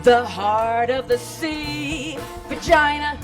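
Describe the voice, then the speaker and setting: Woman chanting spoken word over music. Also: takes it slowly. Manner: rhythmic call-and-response, swinging between sung highs and murmured lows. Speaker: performer.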